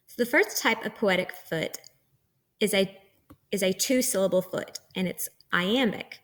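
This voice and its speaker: A woman's voice: on the low side, fairly bright tone. A woman teacher giving a recorded lecture, explaining terms patiently step by step.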